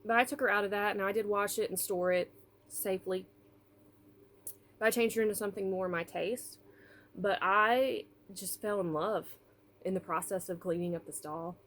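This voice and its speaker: A woman in her thirties telling a personal story in a vlog, tearful and apologetic, halting with fillers. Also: medium pitch, fairly even intonation, a bit bright, a little hiss or hum. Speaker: doll collector vlogger.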